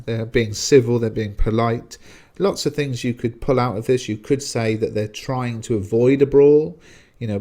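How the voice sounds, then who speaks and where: A man's voice: lowish voice, darkish tone. A man teaching a lesson, explaining a text in a chatty way with frequent fillers.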